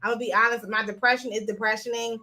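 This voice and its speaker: A woman's voice: a little high, fairly even intonation, fast talker, pushed and bright. A woman hosting a live stream, talking casually and bluntly to her viewers and swearing freely. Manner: chatty, blunt, profane. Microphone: phone.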